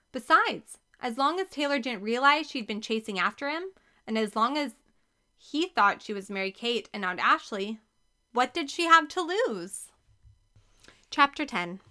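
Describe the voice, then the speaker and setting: A woman reading a children's novel aloud as narrator, expressive and clear. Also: fairly high pitch, unhurried. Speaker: audiobook reader.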